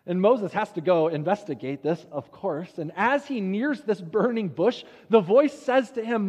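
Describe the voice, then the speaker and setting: Preacher guy telling a story, super high voice, big echoey hall. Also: moderate pace, breathy edge. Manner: animated, retelling the story with asides. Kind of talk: sermon storytelling. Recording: long hall reverb.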